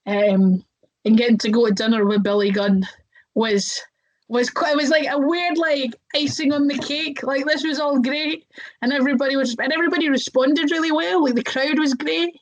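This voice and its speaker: Chatty higher-pitched young woman storyteller. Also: steady tone, normal speed, poor audio. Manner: chatty, lots of fillers, acts out voices. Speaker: wrestler, interview guest. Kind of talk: casual interview storytelling.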